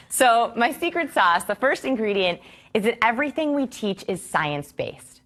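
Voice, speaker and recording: A woman in her thirties teaching a course to a live audience, enthusiastic and expressive, asking rhetorical questions. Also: on the high side, moderate pace. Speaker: course instructor.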